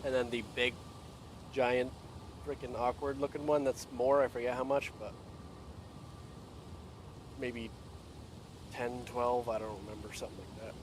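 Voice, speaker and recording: A man's voice: medium pitch, level tone, measured pace, pauses often, background noise. A man chatting casually about a game in an easygoing way, often trailing off uncertainly. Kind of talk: casual gaming chat.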